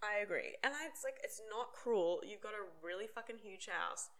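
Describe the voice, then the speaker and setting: Woman, podcast co-host, casual chat, lively swooping pitch, animated, swears. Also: normal speed. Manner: animated storyteller, acts out quotes, swears.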